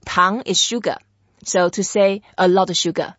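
A patient woman teacher with a slightly low voice, explaining words step by step and repeating them for practice. The sound is dry and a little dull, with no room echo. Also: steady tone, normal speed, fairly bright tone. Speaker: Mandarin teacher. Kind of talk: language lesson chat.

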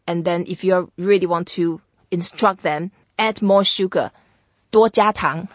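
A woman teaching a language in a patient, explanatory way, repeating words slowly for the listener to practise. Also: fairly low pitch, no echo, highs cut off. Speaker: Mandarin teacher. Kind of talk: language lesson chat.

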